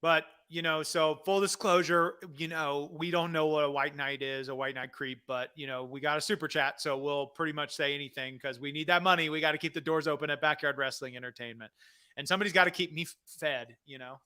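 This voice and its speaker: A man's voice: on the high side, fairly even intonation, fairly quick, pushed and bright, clean tone. A man hosting a comedy wrestling talk show, rambling casually through viewer questions with self-deprecating asides.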